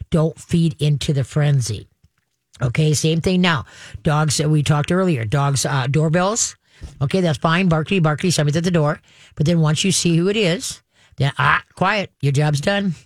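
A woman's voice: low voice, moderate pace, no room sound, studio quality. A woman hosting a pet advice show, talking through dog training steps in a chatty way, often saying "okay" and acting out dogs and owners. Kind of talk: call-in advice show talk.

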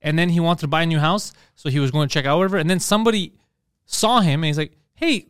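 A man's voice: on the high side, very fast, a bit bright, smooth, no echo, studio quality. A man on a podcast, telling a long, crude story in casual banter, laughing often and acting out the people he quotes. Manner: rambling storyteller, laughs a lot, acts out quotes in raised voices.

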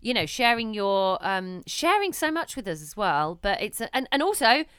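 Bright, chatty woman podcaster. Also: mid-range voice, very animated, moderate pace, clear, resonant tone, no echo, studio quality. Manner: chatty, laughs often, trails off with ums. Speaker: podcast co-host. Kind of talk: casual chat.

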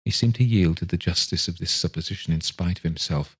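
A man narrating a classic novel aloud in a measured, expressive reading. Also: low-pitched, husky.

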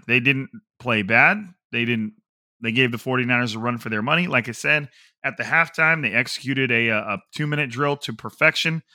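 Man, podcast host, bright voice, dry close sound, chatty and digressive. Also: medium pitch, no echo. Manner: quick, chatty, digressive with fillers. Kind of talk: casual sports podcast talk.

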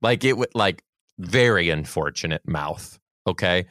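A man's voice: low-pitched, unhurried, no echo, clean studio sound. Heated young man telling a story. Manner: animated, heated retelling with swearing. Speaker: podcast co-host, former teacher. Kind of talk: casual storytelling chat.

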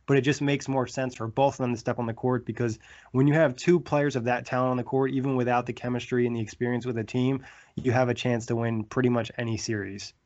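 A man hosting a sports podcast, talking in a relaxed way with lots of "like" fillers. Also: mid-range voice, fast talker, dull audio. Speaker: podcast host. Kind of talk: casual sports podcast chat and read ads.

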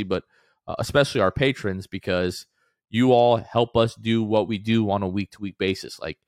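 On a casual sports podcast, a man with a lowish voice co-hosts, rambling upbeat and packing his talk with fillers. The recording is studio quality with no echo.

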